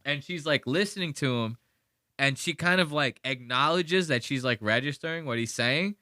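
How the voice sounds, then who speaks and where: A man hosting a podcast, riffing on a clip in a profane, animated way and dropping into quick impressions. His voice is bright and smooth, and it sits dry and close with no room around it. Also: fairly high pitch, no echo. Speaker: podcast host. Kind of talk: casual reaction commentary.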